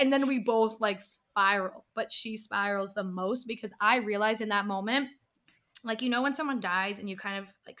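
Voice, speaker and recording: Her voice sits in the mid-range and moves at a normal speed. This young female podcast co-host spins a lively story in casual conversation, cursing without restraint and performing other people's lines.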